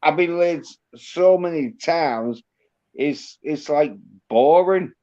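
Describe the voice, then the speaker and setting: A man's voice: on the high side, slow pace, darkish tone. Yorkshire man, crude casual chat, lo-fi. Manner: crude, swears a lot, drawls. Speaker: host. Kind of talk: casual banter. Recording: dull lo-fi sound.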